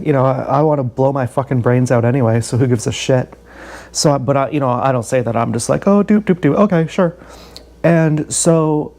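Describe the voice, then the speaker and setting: A vlogger with a mellow, medium-pitched male voice rambles through a long story about his day. He swears, stays candid and self-deprecating, and keeps repeating himself.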